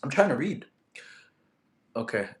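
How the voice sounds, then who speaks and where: A young man from Russia, a fitness streamer reading live chat, animated and quick to get annoyed at spammers. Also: medium pitch. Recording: echoey room.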